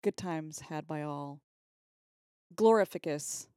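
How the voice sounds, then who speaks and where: A woman co-hosts a casual podcast in a lowish voice. She is playful and chatty as she wraps up the episode. The recording is close and dry. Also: slow, mellow, no room sound. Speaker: podcast co-host. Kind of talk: casual chat.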